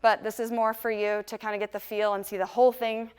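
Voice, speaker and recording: A woman's voice: a little high, little pitch movement, a little fast, long reverb tail, heavy background noise. A young woman teaching a dance routine, counting steps aloud and cheerfully talking through each move. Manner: upbeat, counts moves aloud and sings lyric snippets. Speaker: dance instructor. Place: dance studio.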